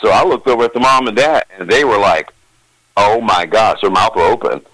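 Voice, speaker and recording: A bright, forward-voiced older man with a drawl, spinning homespun stories as a professional Santa. The recording is dry and close, with little room sound. He talks in a folksy, rambling way, full of small restarts. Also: on the low side, a little fast, no echo, poor audio. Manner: folksy storyteller, acts out children's voices. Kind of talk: interview answers, anecdotes.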